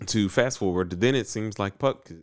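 A man casually recapping an anime episode, animated and acting out the characters in quick voices. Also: fairly low pitch. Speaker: podcast co-host recapping an anime. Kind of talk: casual chat.

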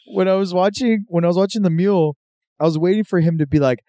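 A man's voice: high-pitched, mellow, no room sound. Laughing young man joking around. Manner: laughs often, swears, does quick voices. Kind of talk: casual comedic banter.

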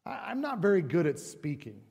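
A man's voice: sits high, huge pitch swings, brisk, creaky, darkish tone, full character voice. A man voicing Moses as a hesitant, self-doubting man who stammers, heard a little distant in a reverberant hall. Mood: doubtful.

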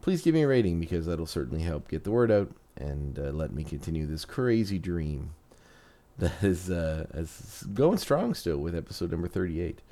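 A man's voice: low voice, sing-song, moderate pace, dark tone. A man hosting a podcast, chatting casually with rambling restarts, then narrating a story. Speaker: podcast host.

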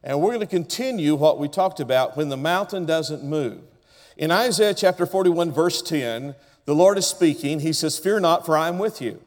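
A man's voice: on the high side, lively intonation, moderate pace, in a large hall. A man preaching a sermon as pastor, telling stories and calling on the congregation to respond.

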